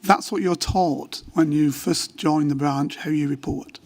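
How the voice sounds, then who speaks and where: A man's voice: on the high side, fairly even intonation, unhurried, darkish tone. An older man, a former police officer, testifying at a formal hearing in a matter-of-fact way and explaining at length. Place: inquiry hearing room.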